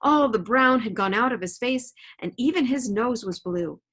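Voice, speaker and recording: A woman's voice: a little high, animated, normal speed, a bit bright. A woman teacher reading a novel aloud at home and explaining it to her students in a casual, chatty way with frequent check-ins. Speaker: middle school teacher.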